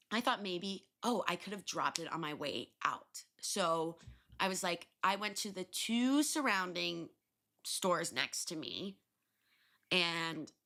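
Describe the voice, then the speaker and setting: A woman in her twenties hosts a podcast, telling a story casually and animatedly. She swears freely and acts out what people said, her voice sitting fairly low.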